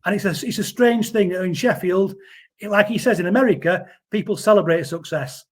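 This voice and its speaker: A man from Yorkshire, England, appears as a guest in a casual interview, speaking earnestly in a high, brisk voice. He often repeats words as he defends someone.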